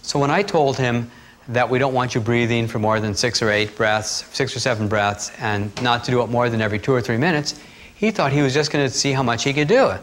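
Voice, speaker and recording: Man calmly guiding breathing exercises. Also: mid-range voice, fairly quick, a little hiss or hum. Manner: calm, steady instructional talk with asides. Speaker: breathing technique teacher. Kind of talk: guided breathing instruction.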